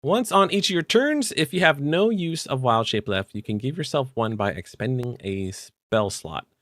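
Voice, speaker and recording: A man co-hosting a podcast, chatting casually about tabletop game rules with relaxed fillers. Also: mid-range voice, moderate pace, no echo, studio quality. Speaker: podcast co-host.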